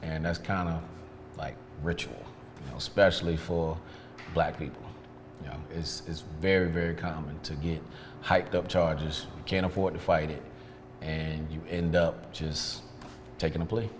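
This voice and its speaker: Deep-voiced man telling his story candidly. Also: normal speed, slight background noise. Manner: frank, reflective, retells events with lively quoted dialogue. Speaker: interview guest, detailing business owner. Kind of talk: candid storytelling in a sit-down interview. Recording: long reverb with faint background ambience.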